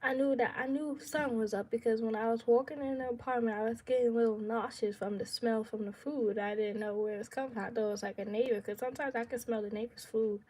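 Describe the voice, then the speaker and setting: Animated young woman telling a story. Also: a little high, slight background noise. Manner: animated, dramatic storytelling with laughs; casual slangy speech. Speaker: vlogger. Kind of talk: casual storytime.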